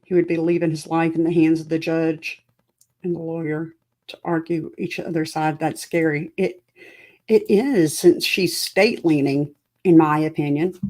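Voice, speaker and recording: A woman's voice: sits low, fairly even intonation, unhurried, a little mellow. A woman hosting a livestream, reacting anxiously and chatting with viewers. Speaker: livestream host. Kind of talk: live reaction commentary. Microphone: home streaming setup.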